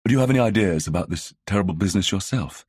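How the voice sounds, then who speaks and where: A man's voice: low-pitched, lively intonation, rapid-fire, darkish tone, slightly rough, no echo, clean studio sound. A man reading an audiobook, voicing a polite young vicar's daughter who speaks delicately and encouragingly. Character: tactful young vicar's daughter, genteel sleuth.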